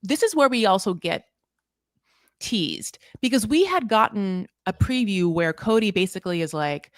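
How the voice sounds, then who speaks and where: A woman hosting a casual recap chat, animated and mimicking the people she quotes. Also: mid-range voice, normal speed, no echo, clean studio sound. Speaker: host.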